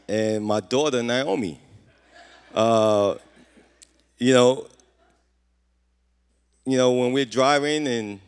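Earnest male pastor in a reverberant hall. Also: medium pitch. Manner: earnest, repeats questions to the congregation. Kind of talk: sermon. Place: church.

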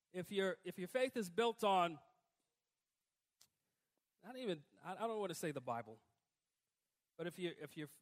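High-voiced man preaching conversationally. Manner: conversational preaching, rising to emphatic outbursts. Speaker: pastor. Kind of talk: sermon.

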